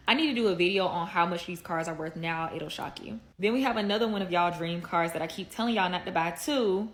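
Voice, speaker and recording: Low-ish voiced woman going thru her cars all fond and playful. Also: quick pace, a little hiss or hum. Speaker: social media creator listing her cars. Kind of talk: casual video monologue.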